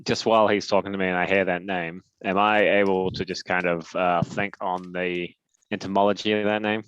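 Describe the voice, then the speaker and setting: A man plays a tabletop game and speaks slowly and thoughtfully. His voice is very deep, and the mic sounds dull and lo-fi. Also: level tone, a bit bright, a little hiss or hum. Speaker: player. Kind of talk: casual tabletop game play.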